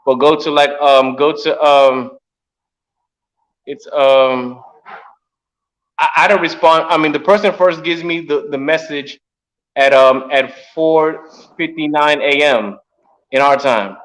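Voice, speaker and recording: A man's voice: a little high, takes it slowly, pauses often, a bit bright, rough recording. A man chatting casually on a call, rambling and repeating himself a lot.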